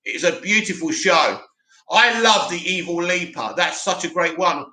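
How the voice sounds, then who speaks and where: Chatty guy on a live stream, high bright voice, echoey room. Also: moderate pace. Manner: chatty, animated, mocks a dramatic voice. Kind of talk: casual live chat reading comments.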